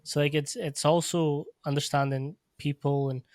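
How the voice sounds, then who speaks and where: A man who coaches athletes and hosts a podcast, talking in a measured, reflective way. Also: fairly high pitch, fairly even intonation, darkish tone, no echo, studio quality. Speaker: podcast host, strength coach. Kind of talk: casual podcast conversation.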